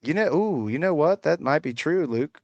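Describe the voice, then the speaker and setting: A man's voice: fairly high pitch, animated, moderate pace, no echo, highs cut off. A man hosting a live stream, chatting casually and mocking commenters in a profane, rambling way. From United States. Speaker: livestream host. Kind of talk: casual livestream chat reacting to comments. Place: rural home.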